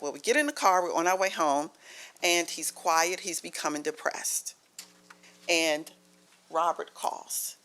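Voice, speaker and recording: A woman's voice: on the low side, measured pace, fairly bright tone. Earnest storytelling woman at a podium. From Maryland, USA. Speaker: honoree's guest speaking at a county board meeting. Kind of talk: heartfelt public remarks.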